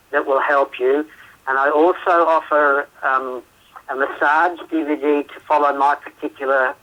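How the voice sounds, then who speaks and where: Chatty Australian man on a call-in interview. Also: on the high side. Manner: chatty, laughs often, hesitant fillers. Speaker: guest therapist. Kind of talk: phone interview. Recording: radio show phone line.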